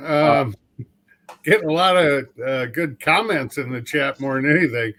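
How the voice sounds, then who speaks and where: A man's voice: on the high side, normal speed, a bit bright, a little hiss or hum, rough recording. A man co-hosting a casual live-stream chat, reading out chat comments in a dry, matter-of-fact, teasing way.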